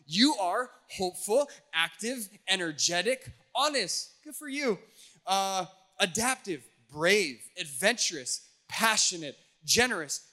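A young man giving a sermon as a youth pastor in church. He is playful and energetic with the crowd, and his voice sits high and sounds bright and forceful.

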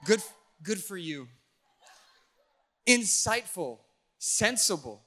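Playful young youth pastor preaching. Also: male voice, high voice, slow pace, long pauses. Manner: playful, energetic, engaging the crowd. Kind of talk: sermon. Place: church.

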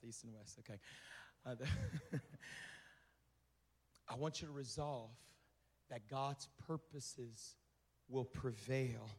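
A male pastor delivering a sermon in a conversational way, repeating phrases for emphasis. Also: mid-range voice. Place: church sanctuary. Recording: reverberant hall with music behind.

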